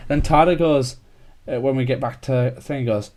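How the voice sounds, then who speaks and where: A man's voice: mid-range voice, moderate pace, darkish tone. A young man, chatting casually as a podcast host, rambling with lots of filler words. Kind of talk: casual chat.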